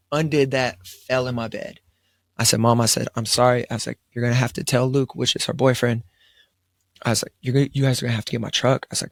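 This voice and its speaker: Gravelly young man telling a story. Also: mid-range voice, fairly bright tone, no echo, studio quality. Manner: laid-back storytelling, quoting himself, frequent fillers and restarts. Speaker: podcast co-host. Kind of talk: casual storytelling chat. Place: studio around a table.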